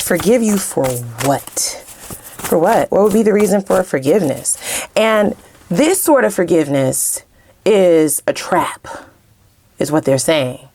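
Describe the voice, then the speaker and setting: A woman giving a casual tarot reading to her viewers in a heated, animated way, swearing freely and speaking straight to the camera with slang. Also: lowish voice, measured pace, slight background noise. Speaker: tarot reader.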